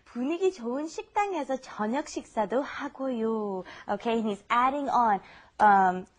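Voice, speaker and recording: A woman hosting a television language lesson, cheerful and laughing often as she explains words slowly. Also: fairly high pitch. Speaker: host.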